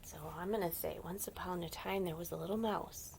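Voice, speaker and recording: A woman reading a picture book aloud to children, gentle and often whispering, with playful animal sounds. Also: lowish voice, steady tone, brisk, vocal fry, a little hiss or hum. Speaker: storyteller for children.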